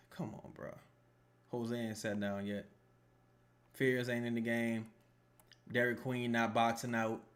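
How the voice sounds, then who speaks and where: A man's voice: mid-range voice, takes it slowly, long pauses. A young man giving casual live reaction commentary while watching a basketball game, joking and swearing as he rambles. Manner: animated, joking, profane and rambling.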